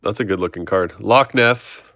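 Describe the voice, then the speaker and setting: A man's voice: lowish voice, normal speed, pushed and bright, no room sound, studio quality. A man hosting a trading card break, reading off player names and chatting with viewers. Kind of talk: live card-opening stream chat.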